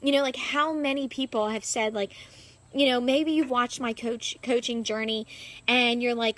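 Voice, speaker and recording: A young woman with a slightly high voice vlogs casually outdoors in her backyard. She is a fitness coach, rambling and upbeat. Her sentences are full of "like" and "you know". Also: steady tone, moderate pace, fairly bright tone. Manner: rambling, heavy use of "like" fillers. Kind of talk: casual vlog monologue.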